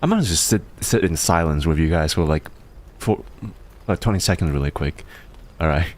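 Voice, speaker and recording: A man streaming live, reading viewer submissions, excitable, swearing often and stammering over repeated words. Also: sits low, moderate pace. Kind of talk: casual live-stream chat.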